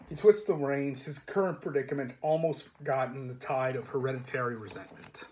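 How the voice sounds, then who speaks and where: A man reading a novel aloud in steady, measured narration. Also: medium pitch. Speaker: reader. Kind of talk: audiobook-style reading of a novel.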